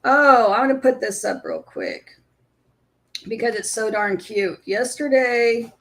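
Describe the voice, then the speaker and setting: A woman's voice: on the high side, very animated, measured pace. A woman hosting a casual live stream, chatting with viewers and cooing at her puppy.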